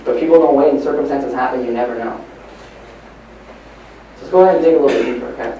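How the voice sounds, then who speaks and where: A man giving a motivational training talk at a live event, telling stories and moving between hushed and emphatic delivery. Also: medium pitch, quick pace, lo-fi sound, slight background noise. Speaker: motivational speaker. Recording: echoey live hall recording from far off.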